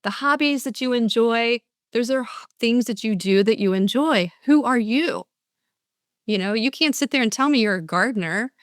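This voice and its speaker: A woman's voice: on the high side, moderate pace, no echo, studio quality. An older woman giving a motivational talk as a speaker and coach, earnest, often restarting and acting out answers from her audiences.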